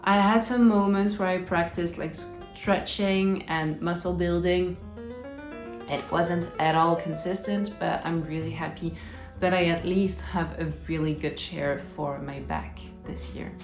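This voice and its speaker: An illustrator and YouTuber with a fairly low voice chats casually to camera in English, her French accent drifting between British and American. She's upbeat and unhurried with fairly even intonation, often restarting sentences. The room echoes, with soft instrumental music underneath.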